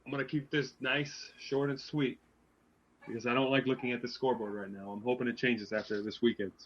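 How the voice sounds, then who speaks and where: A man's voice: medium pitch, little pitch movement, fairly quick. A man co-hosting a casual podcast, upbeat and playful. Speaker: podcast co-host, scorekeeper. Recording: dull lo-fi audio.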